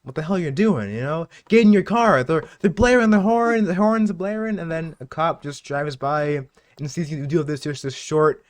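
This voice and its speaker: A man's voice: fairly high pitch, normal speed, no echo. A young man co-hosting a podcast, spinning a comic made-up story with lots of laughing and stumbling restarts. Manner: animated storyteller, laughing often, many restarts. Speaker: podcast co-host. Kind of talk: casual chat, spinning a comic made-up scenario.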